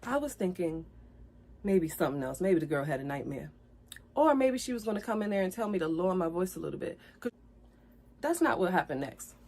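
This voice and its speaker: Fairly low-pitched, very animated and a little fast, a streamer emotionally recounts her breakup to viewers, upset and near tears. She repeats phrases and grows loud and heated as she relives the fights.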